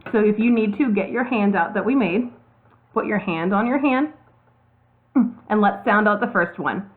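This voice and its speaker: A woman teacher walking through a reading lesson slowly, step by step, spelling out letters. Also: mid-range voice. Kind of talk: classroom video lesson. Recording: tinny phone-like audio.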